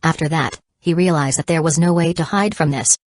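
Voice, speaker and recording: Brief: female audiobook narrator, deep for a woman, steady delivery, dry booth sound. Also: fairly quick, no room sound. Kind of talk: scripted narration.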